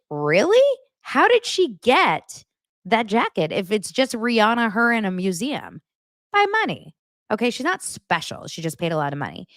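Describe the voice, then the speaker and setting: A woman's voice: medium pitch, no room sound, clean studio sound. A woman hosting a podcast, chatting casually and expressively as she recaps reality TV and acts out the cast's lines. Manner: gossipy and expressive, acts out quotes. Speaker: podcast host.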